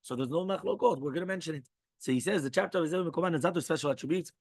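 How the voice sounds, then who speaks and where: Fast-talking rabbi reading and explaining a text. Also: male voice, on the high side, no room sound. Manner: reads quoted passages, then breaks in with quick asides and "right?". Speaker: rabbi teaching halacha.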